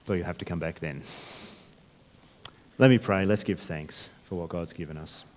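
A man's voice: sits low, moderate pace, darkish tone, long reverb tail, slight background noise. A man preaching a sermon, talking conversationally with restarts and rhetorical questions. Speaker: pastor.

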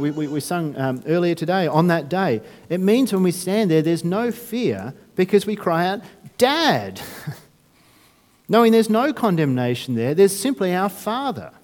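A man's voice: sits high, a little mellow. Man preaching a sermon in a reverberant church. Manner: conversational, with frequent restarts and rhetorical questions. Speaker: pastor.

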